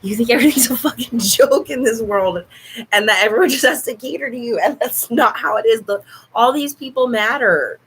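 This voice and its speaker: A woman's voice: a little high, brisk, a bit bright, slight background noise, low-quality recording. A woman hosting a casual livestream from home into a laptop mic, playful and laughing often, swearing freely. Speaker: online show host. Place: home room.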